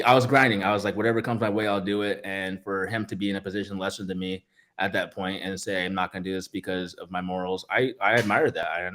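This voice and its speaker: Animated storytelling brother, low voice. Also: male voice, slight background noise. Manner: animated storyteller, laughs through punchlines. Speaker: podcast co-host, one of the brothers. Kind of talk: casual storytelling among brothers.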